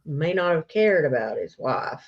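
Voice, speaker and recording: A woman's voice: sits low, big pitch swings, a little slow, dull audio. A woman co-hosting a casual true crime livestream, speculating and laughing often. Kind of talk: casual chat.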